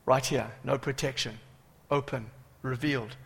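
A man preaching a sermon with dramatic swings from loud cries to hushed asides. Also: mid-range voice, fairly even intonation, moderate pace, creaky, husky. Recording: reverberant hall.

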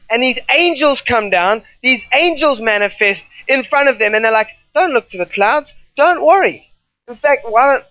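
In a mid-range voice, a forceful preacher works through a sermon built on repetition, straying now and then into unplanned asides. The audio is dry, without any room sound, and a bit dull and muffled.

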